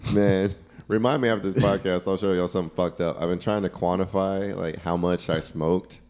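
A man's voice: sits low, steady tone, fairly quick, darkish tone. A stoned man telling rambling stories in casual podcast chat.

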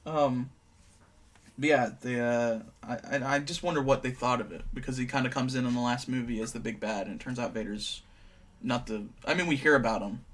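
A young man chatting casually, recapping scenes in a relaxed, offhand way and tossing in quick asides. His voice sits at an average pitch for a man. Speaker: co-host. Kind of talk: casual chat.

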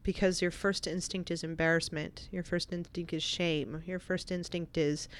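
A woman guest on a podcast, telling a personal story in casual chat, animated at moments and quiet and reflective at others. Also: lowish voice, normal speed.

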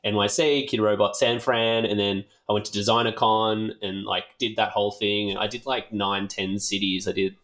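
A young Australian man in casual chat, rambling through a travel story and jumping high in pitch when he quotes himself. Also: flat delivery, normal speed, hardly any pauses, a bit bright. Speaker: artist and podcast co-host.

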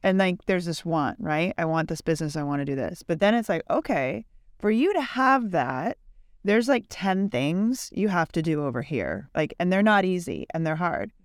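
A woman's voice: fairly low pitch, big pitch swings, unhurried, no echo, studio quality. A woman co-hosting a podcast, chatting casually, teasing her guest and thinking aloud in loose run-on sentences. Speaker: podcast co-host. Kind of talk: casual interview chat.

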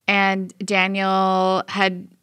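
A woman's voice: medium pitch, completely flat delivery, very slow, bright, forceful tone, clear, resonant tone, no room sound. A woman interviewer who sums up the story before asking probing follow-up questions. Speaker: interviewer host.

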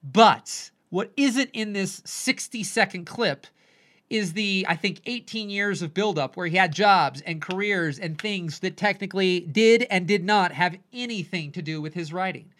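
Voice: mid-range voice, measured pace, a bit bright. A podcast host and coach talking animatedly in a solo monologue, often dropping into quoted voices and asking "right?".

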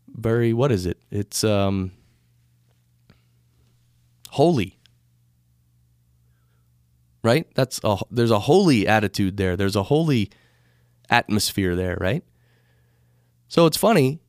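A man's voice: on the low side, expressive, slow pace, long pauses, no room sound, studio quality. A man from America hosting a casual talk on spirituality, rambling and correcting himself as he goes, speaking into a microphone. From United States. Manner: rambling, conversational, self-correcting. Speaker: podcast host. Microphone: studio microphone.

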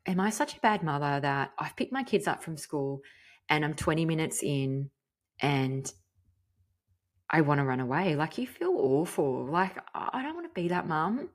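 Brief: mother, frank storyteller, low, deep voice, mild swearing. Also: moderate pace. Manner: chatty, frank, animated, swears mildly. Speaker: podcast host. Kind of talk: casual storytelling monologue.

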